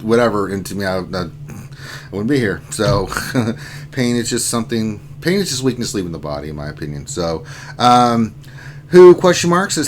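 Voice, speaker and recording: A man's voice: on the low side, big pitch swings, normal speed, a little hiss or hum. A man hosting a casual gaming livestream, rambling and joking as he reads chat messages aloud. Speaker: streaming host.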